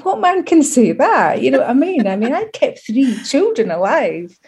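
Over crowd noise, a middle-aged woman from Scotland answers interview questions candidly in a high voice at normal speed. She's a humorous, lively storyteller who speaks with pride.

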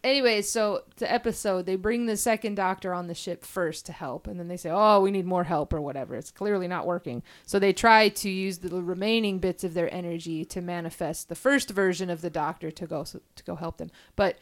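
A woman's voice: on the low side, brisk, hardly any pauses. A woman chatting casually about an old TV series, agreeable and full of fillers. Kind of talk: casual fan discussion.

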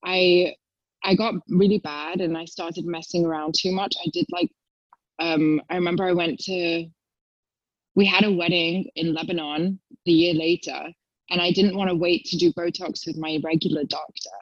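A woman's voice: fairly even intonation, moderate pace, no room sound, lo-fi sound. A young woman in casual chat as a guest, telling stories and acting out quotes in a raised voice. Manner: chatty storyteller, acts out quotes in a high voice.

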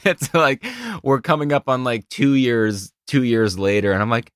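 A man's voice: medium pitch, normal speed, clear, resonant tone, no echo, clean studio sound. A man hosting a podcast, chatting casually and telling stories with playful asides. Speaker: podcast host. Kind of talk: casual conversation. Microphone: studio mic in a treated home studio.

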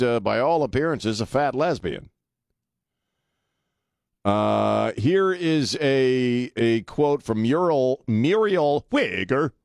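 A medium-pitched male talk radio host delivers a blunt, sarcastic monologue, laughing often. It's recorded on a studio microphone in a radio studio, studio quality with no room sound.

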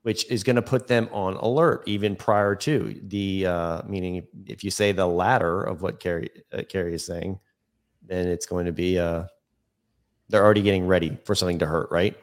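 Man, fairly low voice, casual co-host, relaxed rambling delivery. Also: moderate pace. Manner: loose and conversational, with many fillers and restarts. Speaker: dental podcast co-host. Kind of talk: casual professional chat.

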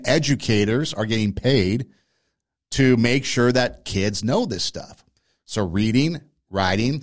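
A man hosting a podcast, giving argumentative opinion commentary and speaking straight to his listeners. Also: fairly low pitch. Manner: argumentative, addresses listeners directly. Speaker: podcast host.

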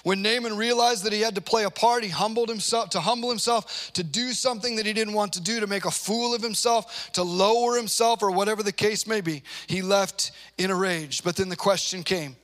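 High-voiced man preaching conversationally. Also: brisk, hardly any pauses. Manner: animated storytelling, acts out quotes. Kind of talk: conversational sermon.

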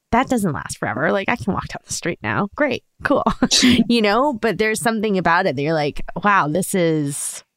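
A woman in her thirties with a lowish voice chats as a podcast co-host, animated and full of "like" fillers. The sound is dry and close, with no room around it. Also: no room sound. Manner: animated storyteller, fills with "like". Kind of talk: casual chat.

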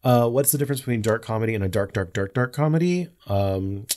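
A man's voice: fairly low pitch, fast, a little mellow. A man co-hosting a podcast in casual chat, reading out listener messages in a rambling way, full of fillers and easy laughter. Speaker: podcast co-host.

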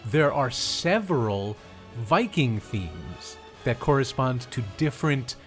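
A man's voice: medium pitch, sing-song, takes it slowly, soft background music. A man co-hosting a casual podcast, talking thoughtfully about a film score and occasionally singing bits of the melody. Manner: thoughtful, chuckling, sings melody fragments. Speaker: podcast co-host. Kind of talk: casual music analysis chat.

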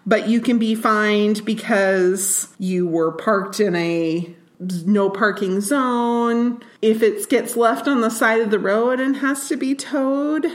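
Slow-talking woman podcast co-host. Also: a little high. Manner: laughs while explaining facts. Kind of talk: casual chat sharing research.

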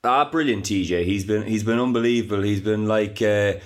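A man with an Irish accent co-hosting a comic sports podcast, rambling with many halting restarts. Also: fairly low pitch. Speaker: podcast co-host.

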